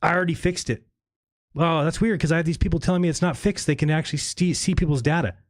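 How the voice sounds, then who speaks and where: A man's voice: fairly high pitch, fast, dry recording, clean studio sound. A man in a played clip, complaining in an aggrieved rant.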